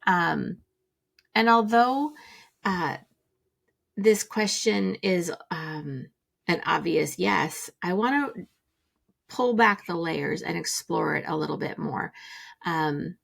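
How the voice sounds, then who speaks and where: Woman host, gentle reflective solo talk, slight vocal fry, unhurried musing delivery. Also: on the low side, expressive. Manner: gentle, musing, many fillers. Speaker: podcast host.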